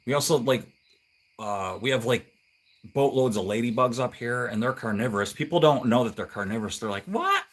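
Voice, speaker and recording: A man's voice: medium pitch, a little fast. A man hosting a live stream while working on his truck. He chats with viewers in a rambling way, with lots of fillers. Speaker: livestream host working on a truck. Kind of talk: casual live-stream chat.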